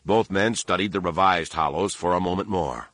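A man narrating an audiobook in a steady, measured storytelling manner. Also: low voice, no room sound. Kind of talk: scripted narration.

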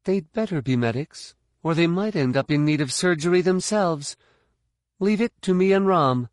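A woman's voice: fairly low pitch, lively intonation, normal speed, darkish tone, no echo, clean studio sound, voice pushed up, close to an everyday voice. A man voicing a fierce young female armored fighter who talks cocky and threatening in an audiobook.

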